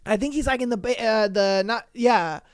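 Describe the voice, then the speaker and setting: Rambling, slangy podcast host with a smooth voice. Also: mid-range voice, moderate pace, dry recording, clean studio sound. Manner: rambling, slangy, cursing freely; frequent fillers and self-corrections. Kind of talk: casual story recap.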